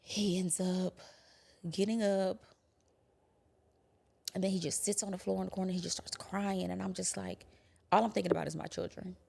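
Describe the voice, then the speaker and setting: A young adult woman quietly recounting a painful personal experience, halting and sometimes dropping to a whisper. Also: lowish voice, fairly even intonation, creaky, breathy edge. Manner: quiet, halting, drops to a whisper at hard moments. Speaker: guest telling her story. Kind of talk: personal testimony.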